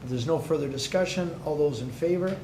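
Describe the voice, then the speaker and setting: A man's voice: on the high side, brisk. Man chairing a council meeting in an echoey chamber. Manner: informal, friendly procedural talk. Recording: echoey chamber with background noise.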